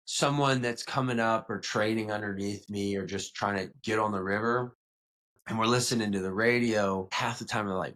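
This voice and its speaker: A young man from south of New Orleans, Louisiana, with a light South Louisiana accent, rambles as a podcast guest in a casual storytelling interview. His voice is on the low side and a bit bright, and he keeps correcting himself with many "like"s and "you know"s.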